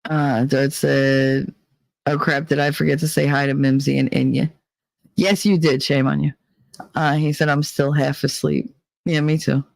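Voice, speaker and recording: Male streamer, higher-pitched voice, dry and close recording, candid and foul-mouthed chat delivery. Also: level tone, measured pace, gravelly, no echo. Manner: blunt, profane, emotionally candid. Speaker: livestream host reading chat. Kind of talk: casual livestream chat.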